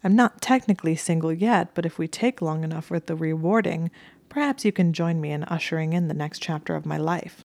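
Storybook figure: smug, leering young wizard, read by a woman, drawling and bland, low pitched. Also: fairly quick, vocal fry, darkish tone, no room sound.

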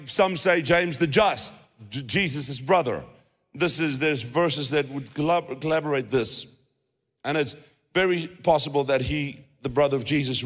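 Man, South African accent, sermon, fairly high voice, long reverb of a church hall. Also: fairly bright tone. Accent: South African English. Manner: conversational preaching with restarts and repeated phrases. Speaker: pastor.

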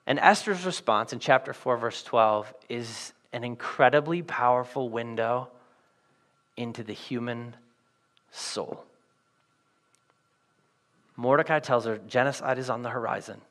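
A man's voice: mid-range voice, slow pace, long pauses, fairly bright tone. A man preaching a sermon in a conversational, jokey style with modern slang. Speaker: pastor.

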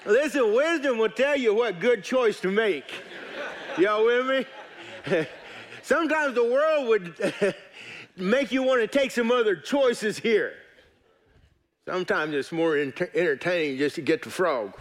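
A man's voice: sits high, expressive, unhurried. A man preaching a sermon in church, folksy and joking but earnest. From United States. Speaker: pastor.

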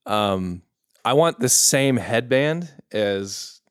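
A man at a tabletop game who talks haltingly, searching for each word. He speaks very slowly in a mid-range voice, and the sound is dry and close. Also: medium pitch, animated, clean tone, no echo. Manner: halting, hunting for words. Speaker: player. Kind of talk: in-character tabletop play.

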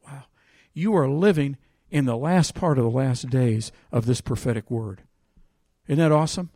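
A man preaching a sermon, reading scripture aloud with loud emphasis and telling a personal story in a quieter voice. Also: mid-range voice, moderate pace, dry recording, studio quality.

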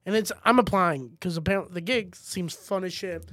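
A male comedian co-hosting a podcast in casual chat, an animated storyteller who bursts into loud excitement when acting out stories. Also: high-pitched, fairly quick, no room sound, studio quality.

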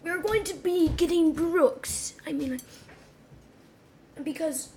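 A young woman co-hosts a podcast in relaxed, casual chat. Her voice sits high, and she talks in a giggly, chatty way, quick to sound grossed out. A faint hum of noise runs behind her. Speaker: podcast co-host.

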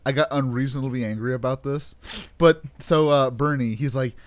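A man's voice: medium pitch, moderate pace, no echo. A man co-hosting a casual movie review podcast, often stammering and restarting, blunt and profane. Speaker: podcast co-host.

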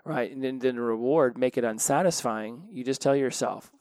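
Male podcast host and habit coach, mid pitch, dry close sound, loose chatty delivery with restarts. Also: moderate pace, dry recording. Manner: conversational, repeats and restarts words. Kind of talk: casual solo podcast talk.

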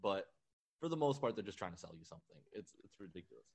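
A man's voice: sits low, very animated, fast talker, vocal fry, darkish tone, breathy edge. A man, a fitness and nutrition coach, chatting as a laid-back guest on a podcast. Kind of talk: casual podcast conversation.

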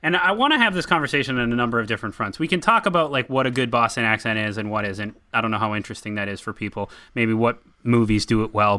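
A man's voice: mid-range voice, bright, forceful tone, dry recording. A man from central Massachusetts co-hosting a podcast, chatting in an opinionated, rambling way with lots of fillers and restarts. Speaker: podcast co-host. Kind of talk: casual chat.

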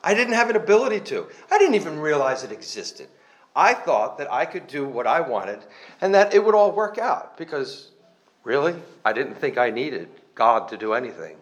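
Man, slightly higher voice, telling his own testimony in church; earnest, conversational, self-deprecating, rambles a bit. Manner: rambling, with restarts. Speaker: church member giving a testimony. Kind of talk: personal testimony to a congregation.

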